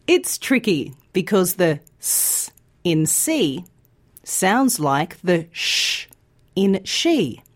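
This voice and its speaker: A woman teaching pronunciation in a scripted podcast, speaking slowly and carefully articulating each sound. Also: lowish voice, very animated. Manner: slow, clear, carefully articulated. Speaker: pronunciation teacher and news presenter. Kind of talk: scripted educational podcast narration.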